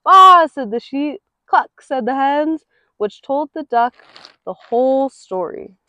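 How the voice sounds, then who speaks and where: High-voiced woman reading a picture book aloud. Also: unhurried, no room sound. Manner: rhythmic, expressive reading. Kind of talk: read-aloud storytelling. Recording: dull lo-fi recording.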